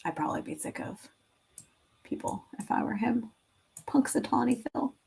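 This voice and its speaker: A woman's voice: on the high side, moderate pace, creaky, a little mellow, slightly rough. A young woman making classroom activities, chatting casually to viewers and rambling as she thinks aloud, with filler words and the odd whisper. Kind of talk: casual work-with-me chat.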